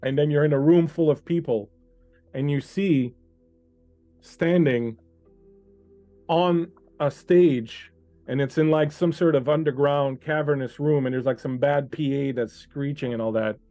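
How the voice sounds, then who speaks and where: A man running a tabletop game as game master, narrating scenes to a player in an unhurried, second-person way over an online call. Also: fairly high pitch, steady tone, mellow, dry recording, soft background music.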